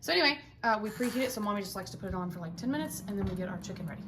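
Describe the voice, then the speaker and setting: A woman's voice: mid-range voice, animated, racing, a bit bright, a little hiss or hum. A woman, a chatty, folksy mother talking through a casual home cooking vlog in her kitchen with self-deprecating humor. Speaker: home cook vlogger and mother.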